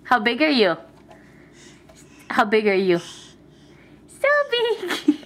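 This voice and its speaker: A woman's voice: mid-range voice, a little slow, a bit bright. A woman filming her baby at home, talking to her in playful sing-song baby talk. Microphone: handheld home camera.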